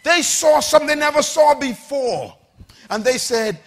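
High, lively, shouting male preacher. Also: moderate pace. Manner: call-and-response preaching, shouting and rising. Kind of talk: sermon. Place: church with congregation.

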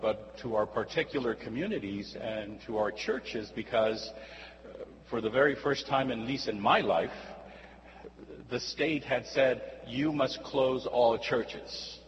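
A man's voice: medium pitch, a little slow. A man, a priest, reading the Gospel and preaching a homily in a church, chatting with the congregation and often asking "right?". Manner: conversational, often asks "right?". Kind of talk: homily with personal storytelling. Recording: dull recording with long hall reverb and faint hum.

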